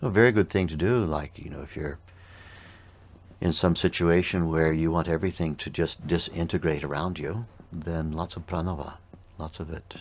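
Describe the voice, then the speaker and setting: Male meditation teacher, extremely low voice, calm and unhurried in explanation.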